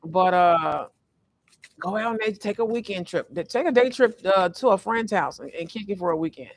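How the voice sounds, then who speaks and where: A man giving a casual, rambling tarot reading from a fast-food restaurant, full of fillers and restarts. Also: high-pitched, lively intonation. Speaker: tarot reader. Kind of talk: casual spiritual card reading vlog.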